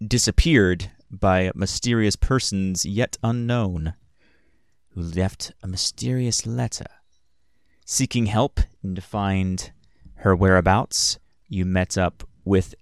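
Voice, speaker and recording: A man's voice: sits low, vocal fry, smooth, no room sound, studio quality. A man who narrates a tabletop game as game master in a hesitant way, with many fillers.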